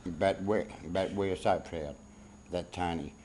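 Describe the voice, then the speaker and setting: A man giving a halting, heartfelt eulogy for his brother at a funeral, close to tears. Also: low voice, steady tone, a little mellow, a little hiss or hum, rough recording. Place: funeral service.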